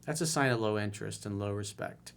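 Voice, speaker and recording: A man's voice: on the low side, fairly quick, gravelly, a little hiss or hum. A man working as a dating coach who reads viewer emails aloud and gives blunt, exasperated commentary on them.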